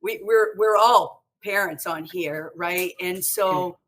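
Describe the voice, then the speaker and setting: A woman's voice: lowish voice, slow pace, a bit bright. A woman co-hosting an interview show, speaking emphatically and encouragingly to the guest. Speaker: co-host. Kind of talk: casual interview chat.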